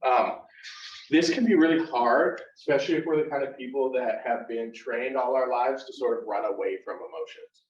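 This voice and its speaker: A male counselor teaches a live workshop, explaining in a relaxed, conversational way and checking in with "right?" after each point. He sits back from the mic in an echoey room, and the recording sounds muffled and lo-fi. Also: medium pitch, normal speed. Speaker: university counselor leading a workshop. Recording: roomy, distant and dull live room recording.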